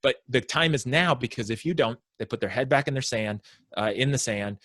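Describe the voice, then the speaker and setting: Man explaining sales in a lively way. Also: medium pitch, brisk, no room sound, studio quality. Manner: animated explainer, acts out prospects' inner voices. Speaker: sales consultant, podcast guest. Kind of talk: conversational interview.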